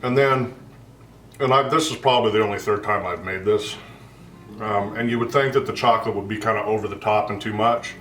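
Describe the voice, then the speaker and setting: A man tastes a homemade dessert and describes its flavors in a slow, thoughtful casual chat. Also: fairly low pitch, fairly bright tone. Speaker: husband tasting food. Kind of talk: casual food-tasting chat. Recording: roomy, mic at a distance, faint music.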